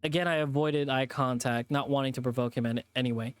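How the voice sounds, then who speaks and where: A man's voice: mid-range voice, steady tone, fast, smooth, no room sound, faint music behind. Man reading a visual novel aloud. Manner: plain narration with off-script asides.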